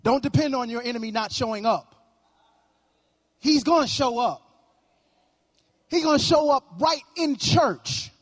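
A man's voice: very high voice, measured pace, pauses often. A male pastor preaching a sermon with emphatic, sing-song cadence and frequent repetition.

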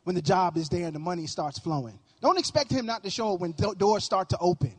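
A man's voice: high voice, fast, breathy edge. A male pastor preaching a sermon with emphatic, sing-song cadence and frequent repetition.

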